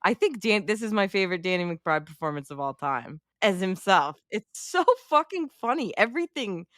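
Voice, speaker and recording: A woman's voice: mid-range voice, big pitch swings, normal speed, a bit bright, dry recording, clean studio sound. A woman co-hosting a podcast, chatting casually and animatedly, laughing often and acting out lines. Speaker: podcast co-host. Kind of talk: casual chat.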